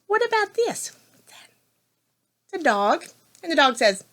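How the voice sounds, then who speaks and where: A woman's voice: high-pitched, sing-song, measured pace, pauses often, fairly bright tone. A woman reading a picture book to young children, asking them questions and making animal sounds in a sing-song way. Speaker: preschool teacher.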